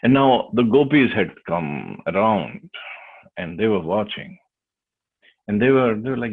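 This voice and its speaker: A man teaching a devotional class, retelling a sacred story with hesitant, lively storytelling, over a tinny phone-like line. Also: lowish voice, measured pace, pauses often, husky.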